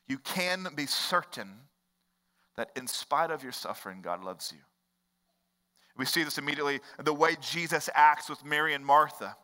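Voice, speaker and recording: A man preaching a sermon as pastor, moving from hushed storytelling to impassioned, rising preaching with repetitive rhetorical cadence. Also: on the high side. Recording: long hall reverb.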